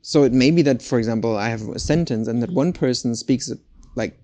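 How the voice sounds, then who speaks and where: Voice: mid-range voice, a little fast, mellow. A co-host in a casual language lesson, curious, repeating phrases carefully after the teacher.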